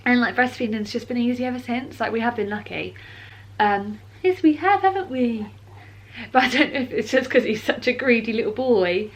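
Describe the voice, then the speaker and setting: British woman vlogger, casual and rambling with many fillers, a touch teary, voice sitting a bit high. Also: brisk, slight background noise. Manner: rambling and heartfelt, with many ums and likes. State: a little emotional and teary. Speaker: mother vlogger telling her birth story. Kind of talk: casual chatty vlog.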